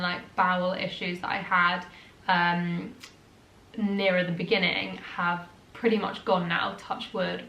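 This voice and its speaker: A woman's voice: medium pitch, fairly bright tone. A young British woman chatting casually in a vlog, a little out of breath, with lots of fillers and restarts. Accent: British English. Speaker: vlogger. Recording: roomy echo, faint noise.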